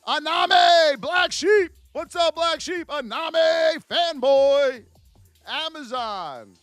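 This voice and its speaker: A man hosting a live stock trading stream, giving market commentary and shouting out chat names in an animated, sing-song way. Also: very high-pitched, extremely slow, no echo, clean studio sound, faint music behind. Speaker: stock trading livestream host.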